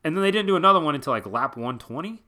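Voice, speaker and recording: A man rants about racing in a very bright, lively voice that swings widely in pitch. He is blunt and exasperated, and he swears freely as he talks. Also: very fast. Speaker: motorsport vlogger. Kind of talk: casual ranting commentary.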